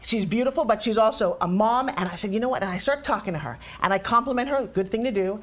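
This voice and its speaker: A woman from Long Island with a New York accent, telling animated stories as a guest in a casual interview. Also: a little high. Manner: animated storyteller, fast and energetic. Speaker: guest speaker.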